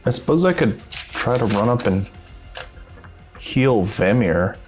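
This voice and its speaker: A man's voice: medium pitch, animated, slow, darkish tone, faint music behind. A man playing a tabletop game, speaking hesitantly and unsure of his moves. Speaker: player. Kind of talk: casual tabletop play.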